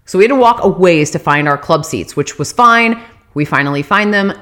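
A chatty young woman telling a casual storytime with a bouncy, widely swinging voice. She scatters "like" through every sentence and swears offhandedly. When she rants, her voice jumps high and gets louder. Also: a little fast. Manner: chatty, animated, heavy filler "like", swears casually; rises high and loud when ranting.

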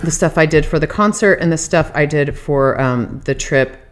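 A young woman telling a long casual story, chatty and animated, full of "like" fillers and casual swearing, climbing high and loud when she rants. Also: normal speed.

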